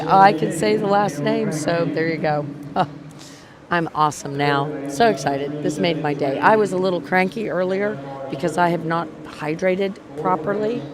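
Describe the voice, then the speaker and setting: A woman hosting a livestock show livestream, chatting casually and joking about herself, wearing a clip-on mic at the arena. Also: lowish voice. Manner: chatty, joking, self-deprecating. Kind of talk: casual live commentary.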